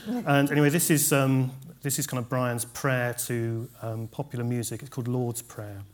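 Man, poet at a live reading, halting comic delivery, faint hiss behind. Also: mid-range voice, fairly even intonation. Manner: hesitant, many ums and restarts between poems. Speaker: poet reading his work. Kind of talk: live poetry reading with asides.

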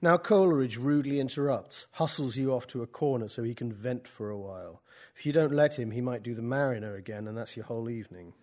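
A man's voice: mid-range voice, fast, darkish tone. British guy, author, chatting to writers, lots of ums and restarts, wry. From Britain. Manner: hesitant, many fillers and restarts, wry. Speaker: author reading and teaching writers. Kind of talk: informal talk with book readings.

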